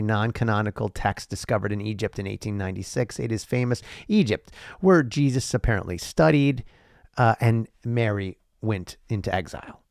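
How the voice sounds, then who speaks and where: Low gravelly guy doing a solo podcast rant, swears a lot, dry close sound. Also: a little mellow, no echo. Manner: profane, sarcastic asides, frequent restarts and laughs. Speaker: podcast host. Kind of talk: rambling solo podcast monologue.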